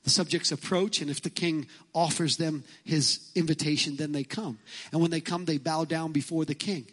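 A man's voice: a little high, fairly even intonation, normal speed, fairly bright tone, poor audio. A male pastor preaching a sermon in an emphatic style, telling a story and driving home points by repeating them.

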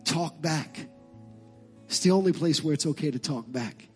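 A man preaching a sermon as pastor, swinging from impassioned shouted calls to relaxed conversational asides. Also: fairly high pitch, moderate pace, faint music behind.

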